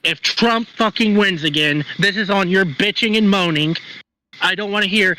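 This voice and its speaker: Bright-voiced man in an angry, profane rant. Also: sits high, low-quality recording. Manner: angry, profane, rapid ranting. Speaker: co-host.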